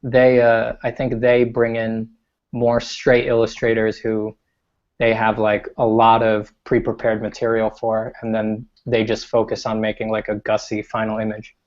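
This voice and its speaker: Relaxed male guest, lo-fi audio. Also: lowish voice, unhurried. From New York. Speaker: guest artist. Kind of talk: casual live-stream chat. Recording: dull lo-fi stream audio.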